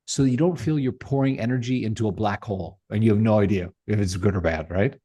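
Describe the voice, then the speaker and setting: Middle-aged guy on a podcast, fired up and emphatic, husky dark voice. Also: on the low side, fast. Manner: passionate, emphatic, rhetorical questions. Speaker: podcast guest, tech founder. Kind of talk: animated interview talk.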